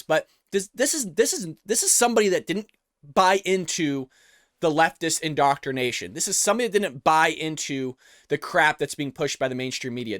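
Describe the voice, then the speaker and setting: A man's voice: on the high side, fairly bright tone, dry recording, clean studio sound. A man hosting a reaction show, giving emphatic, repetitive commentary on a video clip. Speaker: host of a political reaction show.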